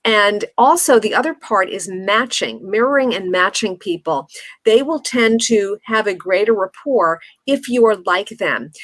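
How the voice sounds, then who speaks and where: A woman's voice: mid-range voice, no echo. A woman giving confident, instructive advice on speaking as an interview guest. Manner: confident, instructive, demonstrates intonation. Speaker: communication coach, guest.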